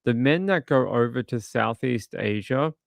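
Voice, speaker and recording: A man's voice: mid-range voice, animated, measured pace, gravelly, no room sound, clean studio sound. A man who hosts a true crime stream, rambling and indignant as he comments on videos. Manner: rambling and indignant, with frequent restarts. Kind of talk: casual commentary while watching videos.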